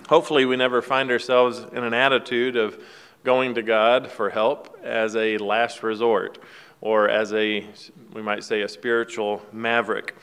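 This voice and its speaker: A man's voice: mid-range voice, level tone, measured pace, a bit bright, clean tone. A man giving a casual devotional talk, retelling a film scene in a folksy, rambling way with fillers and restarts. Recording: long hall reverb.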